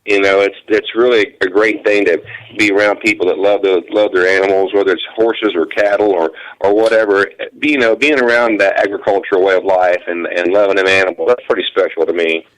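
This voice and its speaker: A man's voice: low voice, fairly even intonation, a little fast, hardly any pauses, fairly bright tone, poor audio. A man, a country musician and guest, talking in an easygoing, folksy way. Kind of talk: casual interview chat.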